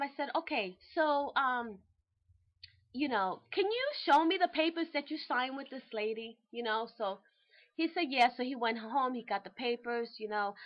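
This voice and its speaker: A woman hosting a real estate show, casually telling a client's story in an animated, chatty way. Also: fairly high pitch. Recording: dull lo-fi recording.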